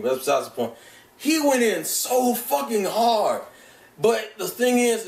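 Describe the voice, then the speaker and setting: A young man ranting excitedly about an anime dub, swearing a lot and often restarting his sentences. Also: fairly high pitch. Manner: profane, animated, gushing with restarts. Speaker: vlogger reviewing an anime dub. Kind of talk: casual excited rant. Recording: echoey room, mic set back.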